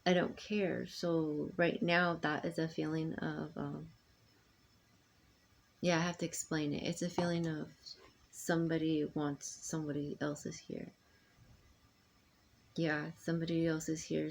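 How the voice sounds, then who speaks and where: A middle-aged woman speaking to her sons in a rambling, halting personal monologue full of ums and restarts. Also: deep voice, gravelly. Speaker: mother addressing her sons.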